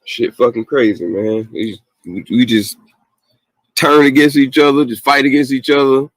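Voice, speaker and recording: Dude ranting on a late night call-in show, heavy cussing, aave, medium voice, dry close mic. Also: male voice, mid-range voice, unhurried, no echo. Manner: profane, animated ranting with laughs.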